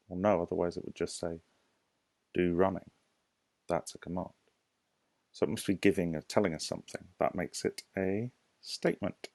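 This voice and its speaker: A man with a British accent, a primary school teacher giving a recorded lesson to young children, explaining slowly and patiently with questions to the class. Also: sits low, darkish tone, dry recording. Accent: British English. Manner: slow, clear, patient explaining with rhetorical questions.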